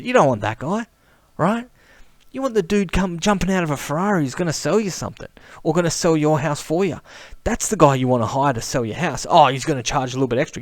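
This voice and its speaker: A talkative man rambling excitedly to camera in a relaxed vlog. His voice sits at an ordinary middle pitch, and the sound is dry and close with no room echo. He keeps tossing in "mate" as he chats. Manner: chatty, animated, says mate a lot. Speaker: camera vlogger. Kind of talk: casual enthusiastic monologue.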